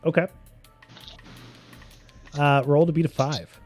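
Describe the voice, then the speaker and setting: A man's voice: on the high side, fairly even intonation, soft background music. A man narrating a tabletop game as game master, playful and often laughing, with voices tossed into his narration. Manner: playful, laughing, voices characters in quick asides.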